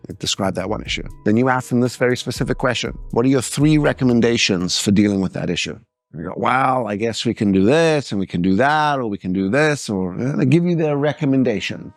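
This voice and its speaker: A middle-aged man giving a seminar talk, lively and animated, acting out anecdotes and mimicking other people's voices. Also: medium pitch, fairly quick, no echo, studio quality, faint music behind. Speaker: speaker.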